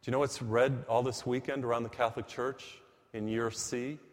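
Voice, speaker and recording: A man with a middle-pitched, level voice preaches an emphatic, story-filled sermon, slowing down and speeding up for effect. Each phrase trails off in the long reverb of a big church hall.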